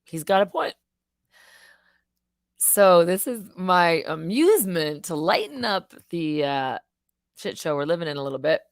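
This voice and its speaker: A woman live streaming, chatting casually in an excitable, rambling way, swearing and laughing often. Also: fairly low pitch, measured pace, pauses often, no room sound.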